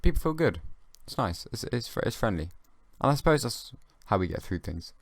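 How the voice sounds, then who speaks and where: A young man hosting his own comedy podcast, rambling in a halting, dry way with many restarts. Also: on the low side, sing-song, creaky, no room sound. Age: young adult. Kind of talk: rambling comic monologue.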